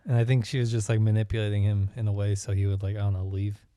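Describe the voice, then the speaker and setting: A man's voice: fairly low pitch, flat delivery, fast talker, dark tone, dry recording, studio quality. A man co-hosting a casual movie review chat, giving short laid-back replies. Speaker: podcast co-host.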